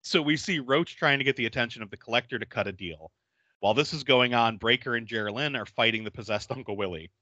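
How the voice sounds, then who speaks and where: A man hosting a podcast, casually recapping a horror film with animated storytelling and frequent laughter. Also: medium pitch, fast talker, no room sound, muffled recording. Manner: animated storyteller, acting out quotes and laughing often. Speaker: podcast host. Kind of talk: casual movie recap chat.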